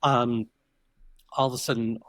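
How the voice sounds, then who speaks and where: An older man appears as a podcast guest, telling stories reflectively and digressively in conversation and often restarting his sentences. His medium-pitched voice is flat, measured and a bit bright, with no echo.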